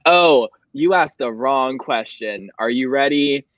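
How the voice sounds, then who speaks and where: A man's voice: mid-range voice, slow pace, dry recording. Man host, book club stream, tipsy and emotional, dull dry mic sound. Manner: emotional, reads quotes aloud tearfully. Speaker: show host. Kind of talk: casual book club livestream.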